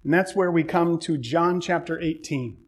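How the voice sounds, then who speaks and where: A man's voice: a little high, normal speed. A man preaching a sermon, retelling a Bible story with humor and irony.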